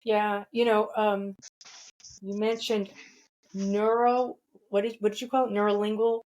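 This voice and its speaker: A woman's voice: mid-range voice, little pitch movement, unhurried, a little mellow, low-quality recording. A woman hosting a podcast interview in a casual, chatty, rambling way, often laughing. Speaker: podcast host.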